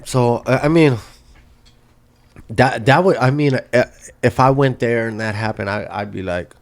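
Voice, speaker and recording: A man, co-hosting a podcast in loose slang, laughing often. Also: measured pace. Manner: laughs often, jumps between high and low, slangy. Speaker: podcast co-host. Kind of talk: casual chat.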